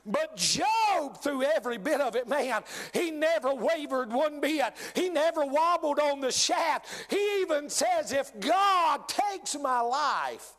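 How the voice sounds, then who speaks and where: A middle-aged man preaching a sermon, swinging between loud bursts and hushed, drawn-out words. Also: very high-pitched, animated. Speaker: pastor.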